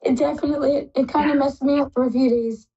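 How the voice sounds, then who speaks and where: A woman's voice: high-pitched, steady tone, fast, dark tone, highs cut off. A woman hosting a live call-in psychic reading show, effusive and tearful, calling callers "love".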